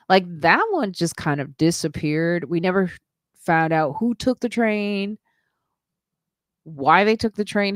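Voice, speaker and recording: A woman's voice: on the low side, no echo, clean studio sound. A woman hosting her own podcast live stream, rambling through asides and emphatic comments in casual chat.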